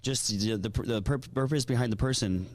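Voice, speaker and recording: A man's voice: medium pitch, brisk, a crowd in the background. A man hosting a radio interview, chatting casually and emotionally, often repeating himself. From Hawaii. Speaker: radio host.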